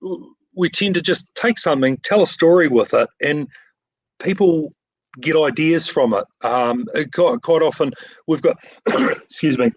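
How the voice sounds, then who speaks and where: A man's voice: fairly high pitch, a little slow, no echo, low-quality recording. Modest New Zealand man on a video call. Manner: modest, rambling, many fillers and restarts. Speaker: framing shop owner. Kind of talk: casual interview.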